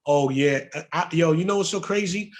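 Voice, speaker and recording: A man from the Bronx, a music producer telling stories in a casual interview, profane, animated and full of slang. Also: a little high, normal speed. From the Bronx, New York.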